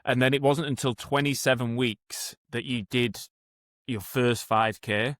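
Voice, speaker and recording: A man's voice: mid-range voice, fairly even intonation, unhurried, a bit bright, dry recording, clean studio sound. A man, a rehab coach hosting a podcast, talking in a chatty, encouraging way with plenty of filler words. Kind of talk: casual interview talk.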